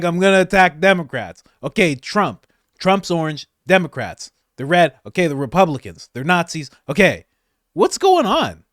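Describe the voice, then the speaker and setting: A man's voice: high-pitched, dry recording, clean studio sound. A man hosting a commentary channel, reacting to clips with frequent laughter and mocking disbelief. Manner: laughing often, incredulous and mocking.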